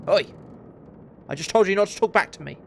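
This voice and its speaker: A short-tempered male ship officer who barks and threatens, with a gravelly edge to his voice, as the game master puts him on. He talks loud and clipped, with a faint hiss behind him in a tabletop game recording. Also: mid-range voice, takes it slowly. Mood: angry. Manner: barking, threatening.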